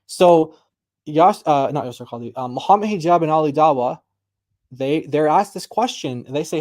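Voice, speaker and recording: A man hosting a casual online discussion, chatty and quick to laugh as he reads out clips. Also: on the high side, lively intonation, a little mellow. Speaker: discussion group host.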